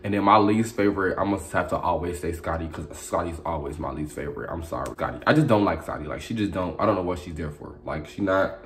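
Fast-talking, sassy, profane young man. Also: sits low, a little hiss or hum. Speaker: reality show reviewer. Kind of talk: casual commentary vlog.

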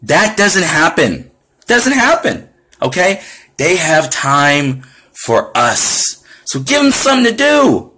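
Animated, husky-voiced Florida man ranting. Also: on the high side, slow. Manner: animated, indignant, sarcastic asides. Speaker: activist vlogger. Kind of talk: casual monologue to camera.

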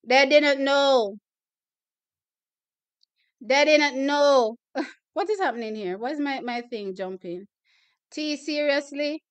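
A Jamaican woman hosting a live-stream watch party, reacting to races with excited, emotional exclamations. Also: sits high, slow, pauses often, low-quality recording.

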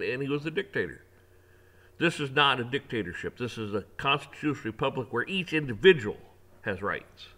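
A man's voice: medium pitch, a bit bright. A man giving a ranting opinion monologue, preachy and emphatic, repeating phrases and swearing as he preaches about faith. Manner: religious preaching tone. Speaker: online commentator.

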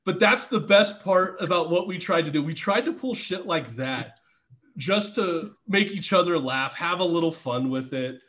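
A man's voice: on the high side, animated, moderate pace, a bit bright, a little hiss or hum. A middle-aged man telling wrestling stories in a casual podcast chat, laughing often and swearing freely. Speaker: podcast guest, former pro wrestler.

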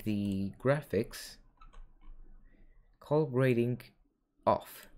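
A man's voice: medium pitch, drawn-out words, a little mellow, slight background noise. A young man giving casual commentary over a game, reading in-game text aloud with joking asides. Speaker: gaming channel host.

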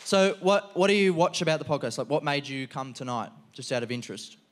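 A man's voice: on the high side, brisk, noisy background. A man, hosting a live stand-up show, swearing freely and riffing with the crowd. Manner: profane, animated, riffing with the crowd. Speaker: comedian host. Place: live venue before an audience.

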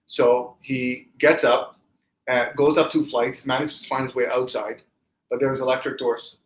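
Male rabbi giving a Torah class, middle-pitched voice, animated storyteller, echoey room. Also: normal speed, slight background noise. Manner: animated storyteller, acting out quoted speech.

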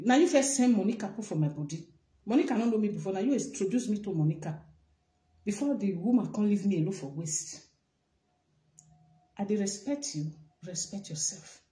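Woman, Nigerian Pidgin English accent, vlogger, repetitive emphatic rant, mellow tone, echoey room. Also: medium pitch. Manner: repetitive, emphatic, addressing someone directly. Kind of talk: direct-to-camera rant. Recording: roomy echo.

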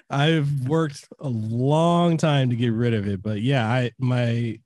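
A man's voice: medium pitch, takes it slowly, a little mellow, dry recording. Stammering man hosting a podcast. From Hawaii. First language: Samoan. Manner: stutters and stammers, laughs often. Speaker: podcast host. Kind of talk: casual podcast chat.

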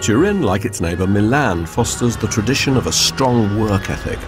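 A man delivering measured, scripted documentary narration. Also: on the low side, lively intonation, music in the background. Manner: measured and informative.

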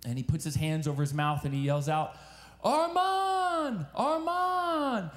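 A man's voice: on the high side, little pitch movement, fast, darkish tone. A man preaching at a youth retreat, telling a story earnestly and repeating his phrases with frequent restarts. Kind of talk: sermon with a told story. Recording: echoey hall reverb.

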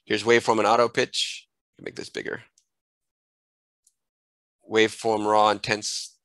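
A man with a fairly low but bright, forward voice talks through a software tutorial at his computer. He thinks aloud, restarts phrases and corrects himself as he clicks along. The sound is dry and close, with no room echo. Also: flat delivery, measured pace. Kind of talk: screen-recorded software tutorial.

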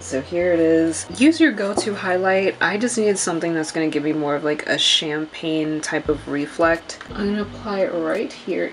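A woman's voice: lowish voice, a little hiss or hum, low-quality recording. A young woman chatting casually through a makeup tutorial at home, talking to her viewers as girl and y'all, and often apologizing. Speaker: beauty vlogger.

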